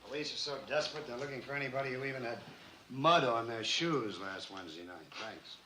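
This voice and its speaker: Guy doing a quick offhand newspaper guy, really bright tense voice. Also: medium pitch, a little hiss or hum, natural voice. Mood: brisk. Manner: brisk, offhand. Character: brisk, weary male newspaper reporter. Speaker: newspaper reporter.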